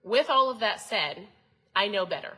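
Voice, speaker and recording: A woman in her thirties with a bright, clear-toned voice, talking casually to her viewers. She speaks in a chatty, coaching way and keeps turning to them with questions. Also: mid-range voice, animated, normal speed, rough recording. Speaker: host. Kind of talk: casual motivational talk to viewers.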